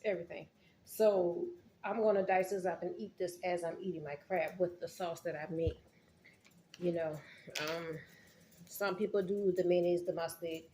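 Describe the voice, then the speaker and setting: Woman, low voice, chatty cooking vlogger, echoey room, faint background hum. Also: a little mellow. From Charleston, South Carolina. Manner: chatty, talks straight to viewers. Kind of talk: casual cooking vlog.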